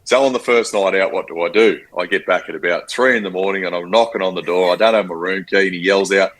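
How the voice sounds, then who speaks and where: Aussie ex footy player in his 40s, real low voice, yarning away with lots of ums. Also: quick pace. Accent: Australian. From Australia. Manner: animated storyteller, acts out quotes, frequent fillers. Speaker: former rugby league player, guest. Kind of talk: casual storytelling interview.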